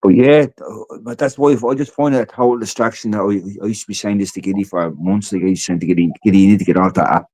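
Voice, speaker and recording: A man's voice: lowish voice, steady tone, quick pace, few pauses, darkish tone, no room sound. A man with an Irish accent co-hosting a podcast, chatting casually, often repeating himself and acting out what others said. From Ireland. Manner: conversational, repeats himself, acts out quoted lines. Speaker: podcast co-host. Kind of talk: casual chat.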